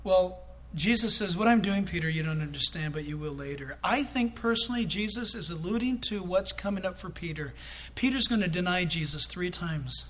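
A middle-aged man preaching a sermon as pastor, animated, acting out quotes with sudden loud bursts. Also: high voice, fairly quick.

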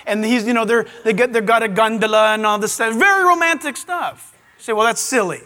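A man preaching a sermon to a live audience in a large auditorium, animated, with playful asides. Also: extremely high pitch, a little fast, in a large hall. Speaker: pastor.

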